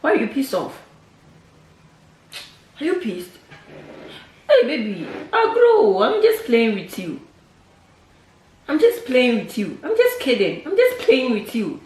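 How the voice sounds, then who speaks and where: Playful vlogger woman with a West African accent, lively and teasing, roomy echo. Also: fairly high pitch, a little slow, pauses often. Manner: teasing, playful, repeats herself. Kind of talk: casual prank vlog chat.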